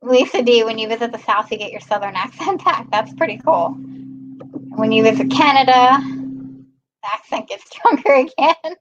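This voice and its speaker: A young woman from Maryland chats casually on her livestream, reading out viewer comments and laughing often. Her voice sits a little high. The audio is a bit dull, with a faint hum behind her. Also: normal speed. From Maryland, USA. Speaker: livestream host.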